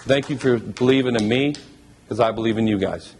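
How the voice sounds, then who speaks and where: A man's voice: mid-range voice, a little fast, a little mellow, husky. A man speaking as a new head basketball coach at a press conference, heartfelt, emotional and thankful.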